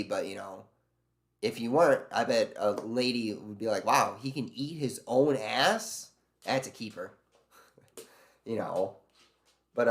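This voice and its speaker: Man, live streamer, casual rant, sarcastic, swears a lot, mid-pitched. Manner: ranting, profane, sarcastic storytelling; reads and answers chat messages aloud. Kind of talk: casual chat.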